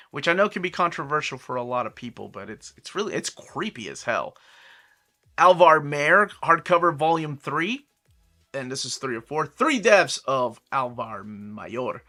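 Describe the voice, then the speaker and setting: This American man in his forties, whose voice sits on the high side with a sharp tone, hosts a casual rundown of upcoming comics as a collector. His delivery is full of chatty tangents and self-corrections.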